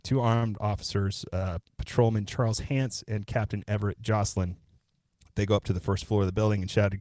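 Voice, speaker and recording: This podcast co-host has a very low voice and moves fairly quickly as he lays out a true-crime story step by step. His manner is easygoing, with the occasional swear word. The sound is close and dry, with no room sound at all.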